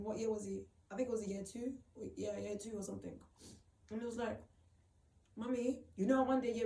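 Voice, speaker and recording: A woman's voice: a little high, mellow. A young woman, telling a personal story to her viewers in a rambling way and acting out both sides of each conversation. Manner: rambling, retells conversations with quoted voices. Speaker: vlogger. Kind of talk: emotional storytelling to camera. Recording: echoey room, far from the mic.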